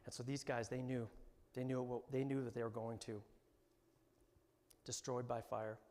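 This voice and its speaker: A man preaching a sermon as pastor, animated and often rising to emphatic bursts. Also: mid-range voice, moderate pace. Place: church hall. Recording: long hall reverb.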